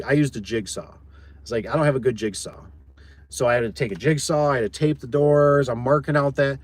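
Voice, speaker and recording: A man who runs a garage door business tells a story from a job in a rambling, blunt, folksy way, often repeating himself. His medium-pitched voice comes through with no echo in this casual storytelling chat.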